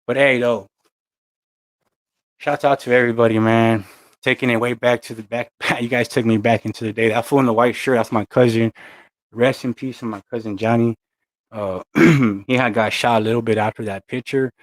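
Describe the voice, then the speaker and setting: A man's voice: medium pitch, steady tone, moderate pace, no room sound. A young man, chatting casually to his channel and rambling through stories in loose street slang. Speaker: channel host. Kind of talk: casual chat to camera.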